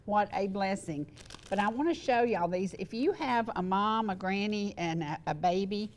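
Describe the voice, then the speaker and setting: An older woman hosting a local TV talk show, chatty and quick to laugh, wheezy and congested. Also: medium pitch. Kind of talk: casual chat. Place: TV studio set.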